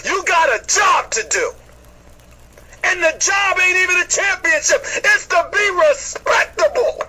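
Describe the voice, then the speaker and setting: A man's voice: very high voice, animated, measured pace, bright, forceful tone, low-quality recording. A man giving blunt, emphatic sports commentary.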